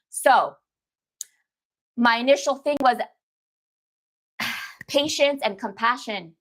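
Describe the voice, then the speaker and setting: On a casual live stream, this woman detox coach speaks slowly, pausing often, in a fairly high, slightly bright voice. She addresses viewers as "baby" and "girl," repeating herself for emphasis.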